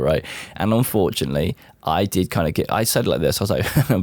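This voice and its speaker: A young man, telling a story in a casual, profane, animated rant. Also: deep voice, normal speed, no room sound. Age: 20s.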